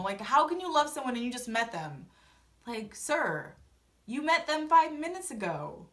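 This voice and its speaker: A young woman giving a sassy, animated casual recap of a reality show, acting out what people said. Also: high voice, unhurried. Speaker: TV recap vlogger. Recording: voice a bit distant from mic.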